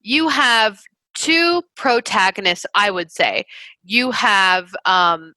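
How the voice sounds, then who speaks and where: A woman's voice: mid-range voice, expressive, slow, pushed and bright, no room sound. A woman co-hosting a comedy podcast, sarcastically recapping a movie plot and giggling. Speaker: podcast co-host. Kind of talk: casual comedic movie review chat.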